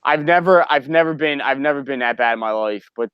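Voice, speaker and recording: A man hosting a podcast, telling a story in a casual, animated way and swearing a lot. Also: mid-range voice, brisk, smooth, dry recording, lo-fi sound.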